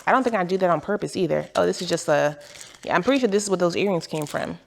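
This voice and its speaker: Low, gravelly woman chatting over rustling. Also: animated, fast, a little hiss or hum. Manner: chatty, rambling, laughs at herself. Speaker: vlogger. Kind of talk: casual chat, unboxing. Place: home, on the couch.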